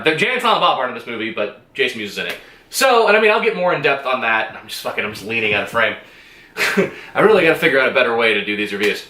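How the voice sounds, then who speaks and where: A man's voice: mid-range voice, bright, forceful tone, roomy sound. A man giving a casual movie review, rambling and enthusiastic, swearing freely and laughing often.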